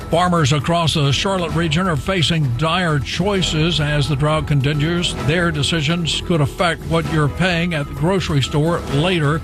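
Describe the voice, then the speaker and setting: Guy reading the news on the radio, slightly high voice, music bed clear underneath. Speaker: newsreader.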